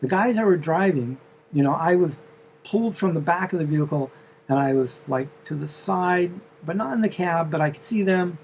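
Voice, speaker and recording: A man's voice: fairly high pitch, expressive, moderate pace, a little mellow, lo-fi sound, slight background noise. A man telling the story of a dream in a casual, meandering way, full of fillers and asides.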